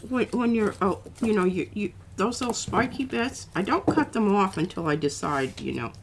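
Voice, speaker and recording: Female craft-stream host, gravelly, chatty, slight background noise. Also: medium pitch, expressive, normal speed. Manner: chatty, rambling, with restarts. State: coughing now and then. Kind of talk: casual crafting demo.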